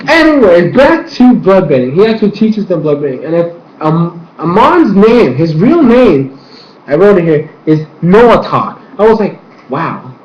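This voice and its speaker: A man's voice: high-pitched, big pitch swings, moderate pace. Rambling casual man in echoey room. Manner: rambling, lots of filler swearing. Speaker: TV episode reviewer. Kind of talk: casual spoken review. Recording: echoey room, muffled, faint hiss.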